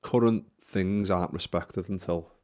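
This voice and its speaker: A man's voice: low-pitched, unhurried, a little mellow. A man, rambling and swearing freely in casual football podcast chat. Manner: rambling, swears a lot, restarts often. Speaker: podcast host.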